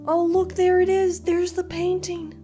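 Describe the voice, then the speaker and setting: A woman doing casual live-stream commentary, gushing and excitable, laughing often. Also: extremely high pitch, measured pace, faint music behind. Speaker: livestreamer.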